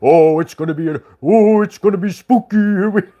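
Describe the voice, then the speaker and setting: High, wailing doom preacher, self-righteous rant, put on by a man. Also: mellow, natural voice. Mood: mocking wail. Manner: mocking, wailing, drawn-out.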